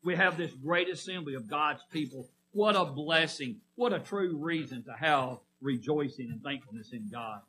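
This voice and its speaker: A man's voice: on the high side, moderate pace, few pauses, bright, forceful tone, breathy edge, low-quality recording. A middle-aged man preaching a sermon in a folksy way, often putting questions to the congregation.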